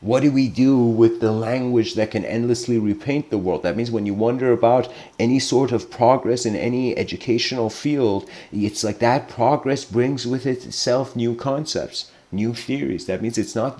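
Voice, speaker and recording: A man's voice: mid-range voice, a little mellow. A man giving a casual lecture, rambling and informal with lots of filler words.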